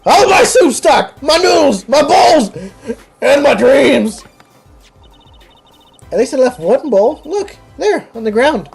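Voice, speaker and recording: A melodramatic old street vendor, put on by a let's-play gamer, high-pitched and gravelly with a folksy drawl. His voice swoops up and down as he mourns his lost noodle stand. Faint game music plays underneath. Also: very animated, normal speed, hardly any pauses, warm tone. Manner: folksy, says "sonny boy", melodramatic wailing.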